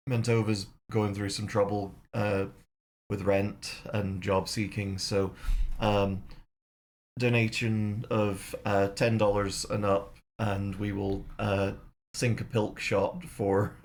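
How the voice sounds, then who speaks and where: A man's voice: fairly low pitch, little pitch movement, slow pace. A man co-hosting a casual live stream, rambling with many fillers and frequent laughs. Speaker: streamer co-host. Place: home room.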